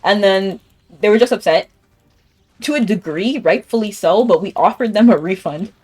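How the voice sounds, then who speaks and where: Young woman, game streamer, casual rambling chat, laughs a lot, mid-pitched voice. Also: expressive, moderate pace, darkish tone, breathy edge. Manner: rambling storytelling, laughs often. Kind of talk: casual chat while gaming.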